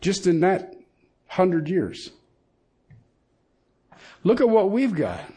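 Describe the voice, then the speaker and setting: A middle-aged man preaching a sermon in a folksy, emphatic way, swinging from loud points to hushed lines. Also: sits high, wildly swooping pitch, slow, breathy edge. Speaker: pastor.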